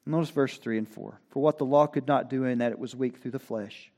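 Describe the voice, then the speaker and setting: A man preaching a sermon, rising to loud declarations and dropping to quiet, low asides in a folksy, conversational way while reading from his notes. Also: fairly quick. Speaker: pastor.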